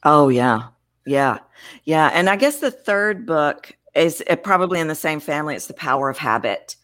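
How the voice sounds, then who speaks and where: A woman's voice: low voice, animated, normal speed, a bit bright. A woman voice coach in an interview, talking expressively about how voices work and showing vocal variety as she explains. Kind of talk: interview conversation.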